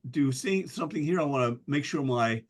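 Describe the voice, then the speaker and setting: An American man with a somewhat high voice giving a relaxed club presentation. He talks in a loose, self-deprecating way and often stops to restart his sentences. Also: a little fast. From United States. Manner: casual, chatty and self-deprecating, with many ums and restarts. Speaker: guest speaker.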